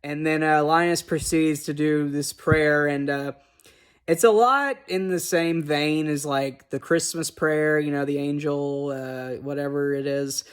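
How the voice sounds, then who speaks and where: A man's voice: on the high side, steady tone, measured pace, smooth. A man casually recapping a cartoon special, rambling and cursing freely. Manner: rambling, profane, lots of fillers and restarts. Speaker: movie reviewer.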